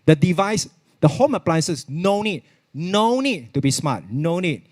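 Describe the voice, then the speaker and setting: This virtual expo presenter is a man whose high, sing-song voice has a darkish tone and a measured pace. Speaking with a Singaporean English accent, he gives a chatty live product demo, repeating points and lapsing into Mandarin.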